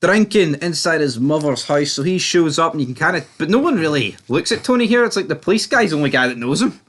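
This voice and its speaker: A man co-hosting a casual TV review chat, blunt and jokey with quick quips. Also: fairly high pitch, lively intonation, fairly bright tone. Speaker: podcast co-host reviewing a TV episode.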